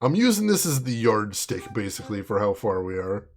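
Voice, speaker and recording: A man's voice: on the low side, sing-song, a little fast, a little mellow. A man playing through an old adventure game and chatting casually to viewers about it, amused by the jokes. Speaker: game streamer. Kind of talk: let's play commentary.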